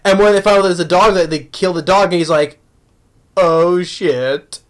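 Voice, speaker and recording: Young man, slightly high voice, rambling casual movie review, laughs a lot. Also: fast, fairly bright tone. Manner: rambling, many restarts and laughs, acts out quotes in a high voice.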